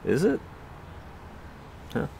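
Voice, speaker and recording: A man's voice: drawn-out words, background noise. A man from Canada hosting a casual live stream from an outdoor patio garden, rambling and tagging his sentences with "right?". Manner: rambling, tag questions like "right?". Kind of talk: casual chat.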